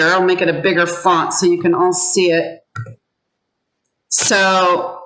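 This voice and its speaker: A woman teacher giving an online pronunciation lesson over a video call, drawing out words slowly so her learners can repeat them. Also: on the low side, vocal fry, a bit bright, low-quality recording. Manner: slow, drawn-out modelling of words for learners to repeat.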